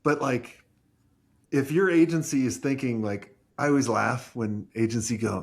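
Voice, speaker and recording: A man with a husky, slightly raspy voice, chatting casually on a podcast. He talks bluntly and with emphasis, tossing in the odd swear word. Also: mid-range voice, moderate pace. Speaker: agency owner.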